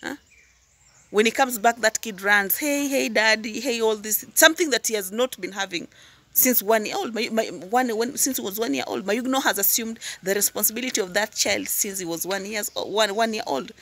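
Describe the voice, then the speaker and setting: A Tanzanian woman reacts on YouTube with impassioned commentary, her medium-pitched voice moving fairly quickly over a dry recording. She fires off rhetorical questions and prods with "hmm?" and "huh?", repeating words when she gets worked up before settling into calmer asides.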